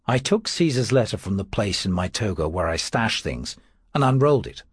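A man narrating an audiobook in the first person, wry and expressive. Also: fairly low pitch, normal speed, husky, no room sound.

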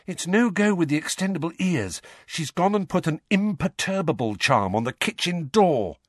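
Man doing a high, chirpy young witch girl, breezy storybook voice. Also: lively intonation, moderate pace, no echo, clean studio sound. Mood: bright. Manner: chirpy, matter-of-fact.

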